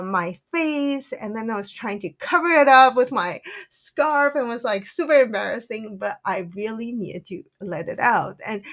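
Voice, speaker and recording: A woman who works as a spiritual channeler, telling a personal story in a soft, earnest way with frequent "like" fillers. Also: a little high.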